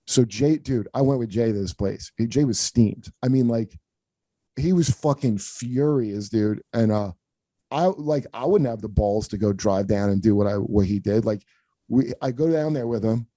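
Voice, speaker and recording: A man's voice: mid-range voice, normal speed, warm tone, no echo. A man hosting a comedy podcast, telling rambling, profane stories in casual chat. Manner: profane, rambling anecdotes with acted-out quotes.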